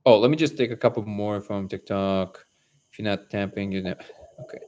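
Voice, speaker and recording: A man's voice: on the low side, brisk, darkish tone. Rambling male livestream host. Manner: rambling storyteller, acts out dialogue. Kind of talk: casual live chat.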